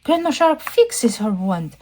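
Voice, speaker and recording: A woman's voice: a little high, sing-song, unhurried, darkish tone. Sing-song woman reading to kids. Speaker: storyteller. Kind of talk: children's read-aloud narration.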